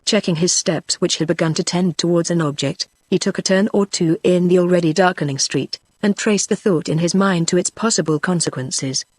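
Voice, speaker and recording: Tts british lady reading a book, even and steady, dry close sound. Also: lowish voice, fairly quick, hardly any pauses, no room sound. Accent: British English. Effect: synthetic text-to-speech voice. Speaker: audiobook narrator. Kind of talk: scripted narration.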